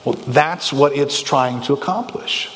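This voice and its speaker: A man's voice: mid-range voice, unhurried, a bit bright, in a large hall. A man preaching a sermon as a pastor, talking conversationally with the congregation, asking rhetorical questions and acting out anxious inner voices.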